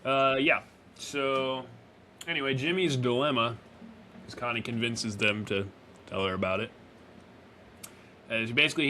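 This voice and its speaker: A man's voice: mid-range voice, bright, forceful tone, a little hiss or hum. Man rambling through a show recap. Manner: rambling recap with fillers and self-corrections; acts out character lines while recapping. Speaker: podcast co-host. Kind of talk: casual review chat.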